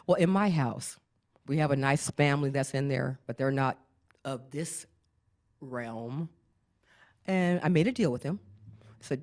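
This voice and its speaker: A woman's voice: extremely low pitch, measured pace, pauses often. A middle-aged woman doing a stand-up comedy routine, telling stories animatedly and laughing often. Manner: animated storytelling, acts out voices, laughs often. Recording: live show with audience behind.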